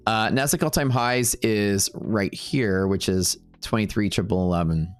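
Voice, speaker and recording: Guy running a live trading stream, kinda low voice, rambly and loose, music faint behind. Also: a little slow. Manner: loose, rambling, casual swearing. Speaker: day-trading livestream host.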